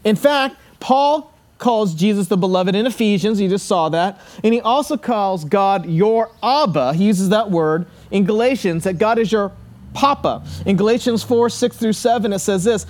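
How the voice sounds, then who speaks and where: A man preaching a sermon, earnest, slowing and dropping low on key words and acting out the people in his stories. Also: a little mellow. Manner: storytelling with acted-out quotes. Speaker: pastor.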